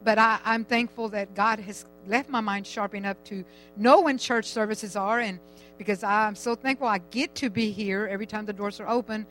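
An older woman stands up in church to share a personal testimony, rambling and chatty, with a laugh slipping into her talk. Her pitch sits in the middle range, and faint music plays behind her. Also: fairly even intonation, moderate pace, fairly bright tone, low-quality recording. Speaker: church member giving testimony.

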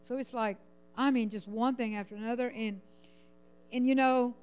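A woman sharing a personal prayer request at church, rambling and halting with many fillers, sounding overwhelmed and close to tears. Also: a little high, steady tone, darkish tone, clean tone, soft background music. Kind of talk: emotional personal testimony.

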